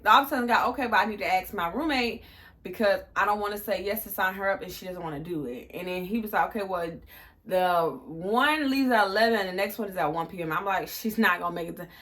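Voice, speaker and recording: Bright-voiced young woman telling a storytime. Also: mid-range voice. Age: 20s. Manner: animated, profane, acts out quotes. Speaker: vlogger. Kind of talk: casual storytime.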